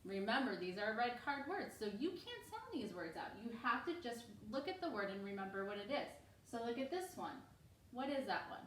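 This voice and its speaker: A woman teaching a reading lesson to young children at home, upbeat and encouraging, speaking slowly and clearly. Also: a little high, very animated, reverberant, distant mic, rough recording.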